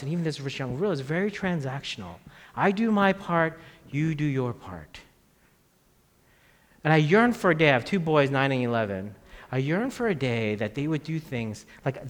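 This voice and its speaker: A man in his thirties preaching a sermon in a conversational way, dropping his voice low on key phrases. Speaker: pastor. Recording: long reverb of a church hall.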